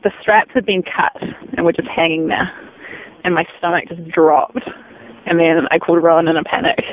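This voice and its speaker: An Australian woman, a podcast guest, telling a story in a lively, chatty way. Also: lowish voice, normal speed. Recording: dull lo-fi sound.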